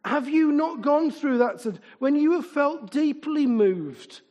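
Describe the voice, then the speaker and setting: A man's voice: very high-pitched, lively intonation, slow pace, darkish tone. A middle-aged man preaching a conversational sermon. He keeps asking his listeners questions and slips into humorous stories. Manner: informal and chatty, asks the congregation repeated questions, tells humorous anecdotes. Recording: long reverb in a large hall.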